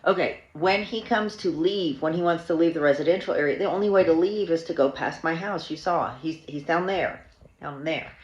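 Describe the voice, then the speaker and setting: A woman's voice: low voice, normal speed, darkish tone, highs cut off. A woman in her sixties chatting in a rambling, casual vlog at home. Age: 60s. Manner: rambling, chatty storytelling with fillers. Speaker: family vlogger. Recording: echoey room, faint noise.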